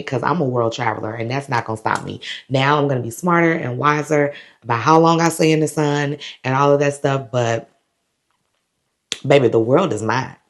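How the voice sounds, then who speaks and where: A woman vlogger from the United States, animatedly retelling a travel ordeal straight to the camera. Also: a bass voice. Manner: animated, dramatic retelling with quoted voices and laughs. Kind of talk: casual storytelling to camera.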